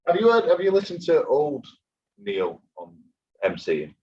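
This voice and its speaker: A man's voice: a little high, huge pitch swings, unhurried, darkish tone. A man co-hosting a casual live stream, teasing and joking with the host. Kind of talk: casual banter. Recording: distant, muffled lo-fi live stream audio.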